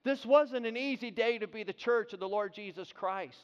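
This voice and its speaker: A man preaching a sermon, telling a story in an animated way, often repeating and restarting his words. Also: high-pitched, moderate pace, clear, resonant tone. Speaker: pastor. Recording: dull sound with long hall reverb.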